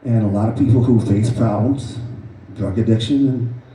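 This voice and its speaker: A man's voice: fairly low pitch, normal speed, warm tone. A man giving an earnest, emphatic storytelling speech to a live audience at an event. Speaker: author presenting his book. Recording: roomy echo, voice far from mic.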